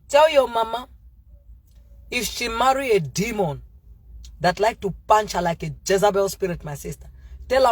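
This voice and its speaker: A woman hosting a live stream, talking to viewers in a fervent, preachy way with halting restarts. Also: mid-range voice, expressive, no room sound. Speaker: livestream host.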